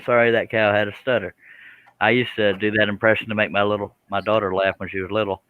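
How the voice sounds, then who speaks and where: A man's voice: lowish voice, level tone, fairly quick, no room sound, phone-quality sound. A man hosting a live stream in a casual, joking chat, reading out viewer comments. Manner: joking, chuckles, does silly animal noises.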